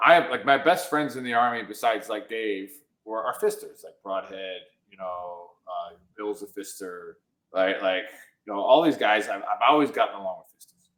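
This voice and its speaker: A man's voice: lowish voice, fairly bright tone, roomy sound. A man hosting a veterans' talk show, teasing his guests in rowdy, profane, joking banter. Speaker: podcast host. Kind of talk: rowdy casual chat.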